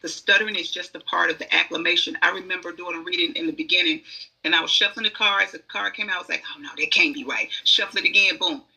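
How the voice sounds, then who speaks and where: Husky, sharp-toned woman reader. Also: on the low side, fairly even intonation, fast, poor audio. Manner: emphatic, acts out inner voices. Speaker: guest oracle card reader. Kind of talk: conversational podcast storytelling.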